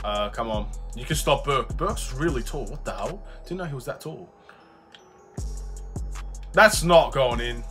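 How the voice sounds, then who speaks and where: A young man from Australia giving live commentary on his basketball video game, excitable, swinging between low muttering and frustrated shouts. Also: a little slow, pauses often, faint music behind. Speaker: gaming YouTuber.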